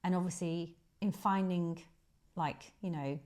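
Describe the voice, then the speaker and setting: A woman in her forties, a guest chatting casually, laughing often, her voice jumping up when she gets excited. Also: on the low side, unhurried. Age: 40s. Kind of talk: casual chat.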